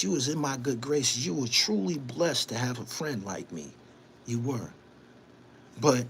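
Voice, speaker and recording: A man hosting his own online show delivers a heated, emphatic and repetitive live-stream monologue, scolding someone and invoking his faith. His voice is mid-range and a bit bright, with a little hiss or hum in the recording.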